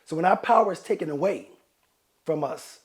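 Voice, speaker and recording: A middle-aged man hosting a relationship podcast, telling stories in a candid, animated way and acting out quotes with laughter. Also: fairly high pitch, a little fast. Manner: animated storyteller, acts out quotes, laughs often. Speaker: podcast host, relationship counselor. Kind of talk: candid conversational advice.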